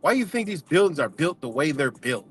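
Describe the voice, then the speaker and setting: A man's voice: fairly high pitch, sing-song, a little fast, a bit bright, a little hiss or hum. A man ranting casually, heated, profane and emphatic. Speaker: vlogger.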